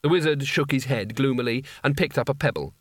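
A man's voice: mid-range voice, a little fast, no room sound. A man narrating a comic fantasy audiobook in a dry, wry storytelling manner. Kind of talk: scripted narration.

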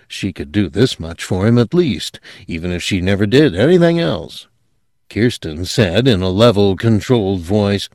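A man narrating an audiobook in an expressive, dramatic reading style. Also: fairly low pitch, normal speed, no room sound, studio quality.

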